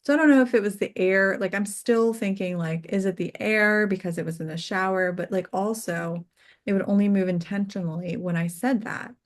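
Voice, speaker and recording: A woman working as a death doula, guest on an interview show, telling personal stories earnestly, full of "like" fillers, her voice going soft and quiet on tender points. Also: medium pitch, a little fast. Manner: earnest and heartfelt, peppered with "like" fillers. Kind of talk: casual interview storytelling.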